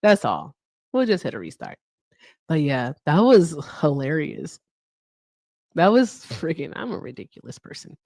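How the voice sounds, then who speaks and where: A woman's voice: sits low, very animated, measured pace, pauses often, darkish tone, no room sound. A woman hosting a casual livestream, chatty and laughing often as she talks straight to her viewers. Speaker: livestream host.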